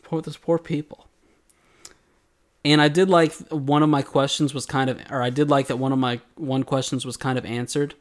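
A man in a casual podcast recap, speaking with an animated, sarcastic edge. His voice sits at an ordinary middle pitch, and he jokes freely as he picks apart the episode. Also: normal speed. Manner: animated, sarcastic, acts out quoted lines. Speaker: podcast co-host. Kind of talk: casual anime recap chat.

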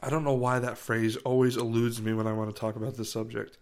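A man's voice: mid-range voice, level tone, quick pace. A man in casual chat, rambling and searching for words as he tells a story.

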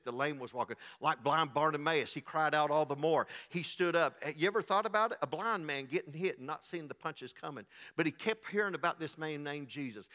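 A man preaching a sermon as pastor, telling a scripture story in an animated way, acting out its people and building to loud, rising passages. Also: on the high side. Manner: acts out the voices of the people in the story.

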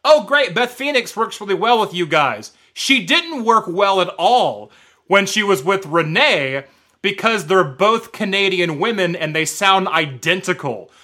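Bright-voiced man telling a rambling story. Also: high voice, a little slow. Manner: rambling, animated, filler-heavy, laughs often. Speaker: podcast co-host. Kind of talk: casual storytelling chat.

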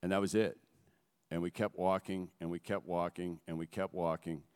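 Low, smooth-voiced man in an echoing hall. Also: little pitch movement, darkish tone. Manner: earnest, halting, emotional storytelling. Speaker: guest speaker. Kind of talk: personal testimony. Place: on a stage before a gathering. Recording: long echo of a large hall.

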